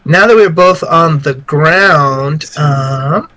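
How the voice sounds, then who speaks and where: A man's voice: on the high side, drawn-out words, bright, forceful tone, no room sound. A man taking part as a player in a tabletop game, chatting casually and eagerly asking about his moves.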